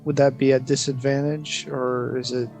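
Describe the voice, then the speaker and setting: A man's voice: mid-range voice, flat delivery, moderate pace, darkish tone, soft background music. A man playing in a tabletop game, talking casually and hesitantly, thinking aloud with ums. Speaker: player.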